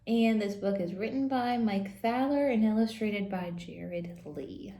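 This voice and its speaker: A woman teaching Sunday school who reads a silly picture book aloud to children, playful and quick to giggle. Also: medium pitch, mellow. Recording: roomy echo.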